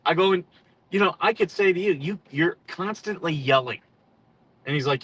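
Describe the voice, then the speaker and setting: Bright-voiced blunt ex-Marine man. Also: fairly high pitch, normal speed, no echo. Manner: blunt and profane, laughs easily. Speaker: podcast host and former Marine officer. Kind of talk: casual storytelling livestream.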